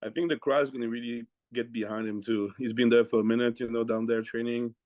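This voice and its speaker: A man speaking quickly and enthusiastically in casual podcast talk. His voice comes through a dull, lo-fi connection. The sound is dry and close. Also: mid-range voice, flat delivery, darkish tone, dry recording. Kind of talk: casual chat.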